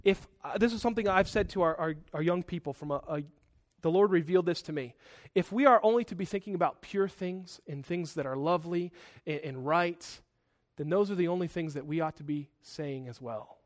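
A man preaching a sermon, animated and quick to act out angry outbursts, with self-correcting asides. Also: on the high side.

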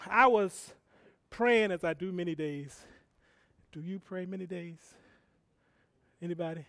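A man preaching a sermon in a conversational, rambling way, swinging from soft asides to loud calls to the congregation. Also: sits high, measured pace, no echo. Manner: conversational and rambling, with self-corrections and laughs.

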